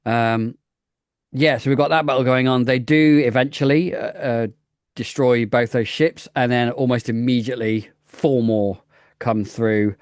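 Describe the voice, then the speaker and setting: A man hosting a podcast, calm, giving short agreeing replies and moving the talk along. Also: mid-range voice, a little slow, smooth, dry recording, studio quality. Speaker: podcast host. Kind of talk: casual podcast discussion.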